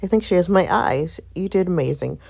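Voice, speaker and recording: A woman voicing a tender young new mother, reading the game's dialogue aloud in a soft, gentle way with a gravelly edge. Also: on the low side, animated, a little fast, no echo.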